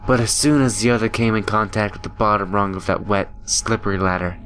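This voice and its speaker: A man's voice: fairly low pitch, steady tone, fairly quick, fairly bright tone, faint music behind. A young man playing a horror game, reading its story aloud dramatically with joking asides. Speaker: gaming YouTuber. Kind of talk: reading a visual novel aloud with commentary.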